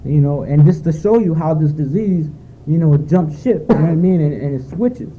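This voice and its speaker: On a lo-fi, phone-like tape with faint noise, a man shares his personal testimony at a recovery meeting held in a retreat meeting room. His slightly high voice is animated and fairly quick, and he rambles heartfeltly, leaning heavily on fillers.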